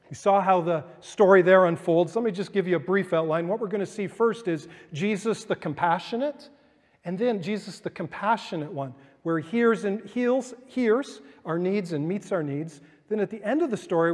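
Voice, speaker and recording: A man preaching as a pastor, reading scripture and then explaining it conversationally, with lively acted-out quotes. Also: sits high, big-room sound. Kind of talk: sermon. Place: church sanctuary.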